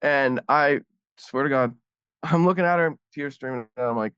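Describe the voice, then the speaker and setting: Rambling animated man telling a story. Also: medium pitch, moderate pace, clear, resonant tone, no echo, dull audio. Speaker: guest comedian. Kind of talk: casual storytelling.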